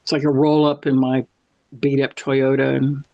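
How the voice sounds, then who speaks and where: A man's voice: medium pitch, completely flat delivery, moderate pace, creaky, no room sound. A man chatting casually and telling a meandering story full of self-corrections, as a guest. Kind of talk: casual anecdotal chat. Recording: dull lo-fi sound.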